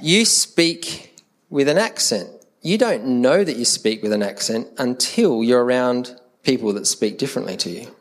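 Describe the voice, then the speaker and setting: A middle-aged Australian pastor with an Adelaide accent delivers a sermon. He talks to the congregation in a conversational, animated way, putting on other people's voices now and then. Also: mid-range voice, normal speed.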